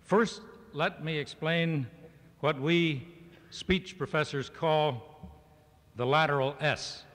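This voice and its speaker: A man's voice: a little high, takes it slowly, a bit bright. Man giving a mock-serious speech in a hall. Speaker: speaker addressing a farm organization meeting. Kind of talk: humorous speech to a live audience. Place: large hall with an audience. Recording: reverberant hall on archival cassette.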